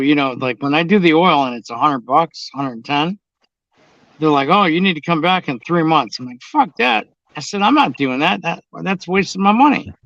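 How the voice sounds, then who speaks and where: Casting note: a blunt man who swears freely, voice on the higher side, dull lo-fi recording. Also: a bit bright, dry recording. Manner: blunt, swears constantly, drawling storyteller. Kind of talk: casual profane chat. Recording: dull, dry lo-fi sound.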